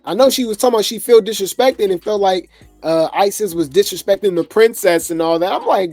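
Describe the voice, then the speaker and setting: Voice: mid-range voice, a little fast, a little mellow, dry recording, soft background music. A host rambling casually through reality TV gossip commentary, chuckling often and full of fillers.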